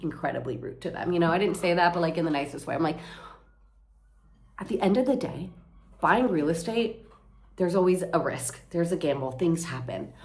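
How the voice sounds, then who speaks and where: Exasperated woman venting, low voice. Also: darkish tone, a little hiss or hum. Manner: exasperated, swearing, rambling. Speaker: vlogger. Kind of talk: casual venting vlog.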